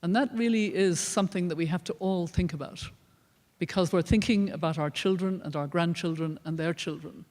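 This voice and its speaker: A woman's voice: lowish voice, fairly quick, a little mellow. Older Irish woman lecturing in a hall. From Ireland. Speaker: guest speaker. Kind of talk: public lecture. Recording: long reverb of a large hall.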